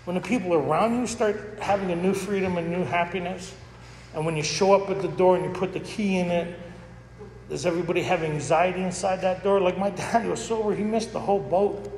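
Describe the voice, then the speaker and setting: A recovery roundup speaker recounts his own stories to the crowd with candor and humor, often breaking into laughter. His voice is high, steady and a little mellow, fairly quick, with slight background noise and the long echo of a large hall.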